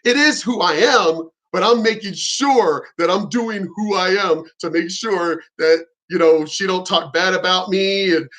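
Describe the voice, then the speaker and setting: A man's voice: high-pitched, a little slow, few pauses, a bit bright. A middle-aged man vlogging, telling a frank, profane and rambling story about his sex life. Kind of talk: candid storytelling monologue.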